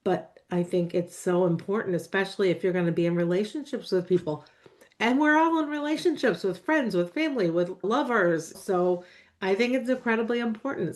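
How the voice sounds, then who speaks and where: A woman hosting a podcast interview, affirming and encouraging as she reflects on her guest's story. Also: lowish voice. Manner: encouraging, affirming, backchannels often with mm and yeah. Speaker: podcast host.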